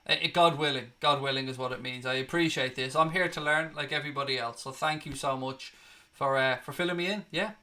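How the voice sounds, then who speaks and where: A man's voice: medium pitch, steady tone, brisk, bright, forceful tone. A young man hosting a casual live stream, reading viewer comments aloud and calling them mate and buddy.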